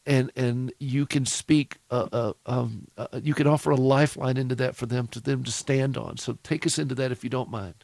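A Southern-accented man hosts a radio show with a gravelly edge to his mid-range voice. The studio sound is dry and close, and he talks in long, reflective, encouraging stretches. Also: mid-range voice, fairly even intonation, moderate pace, few pauses, darkish tone, dry recording. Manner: reflective, encouraging, speaks at length. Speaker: radio host.

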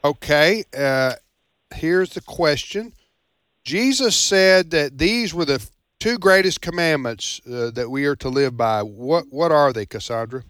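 A man's voice: on the high side, lively intonation, a little slow, fairly bright tone, clean tone, dry recording, studio quality. A man hosting a radio call-in trivia show, chatting in a casual, rambling, folksy way. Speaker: radio talk show host. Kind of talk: casual call-in quiz chat.

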